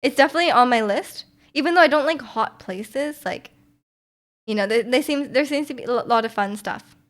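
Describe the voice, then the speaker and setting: A young woman with a Canadian accent chats casually with her live viewers, her voice sitting a little high. She rambles from thought to thought, giggling and leaning on plenty of ums and likes. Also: a little fast, a bit bright. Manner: rambling, chatty, giggly, many fillers. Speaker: streamer.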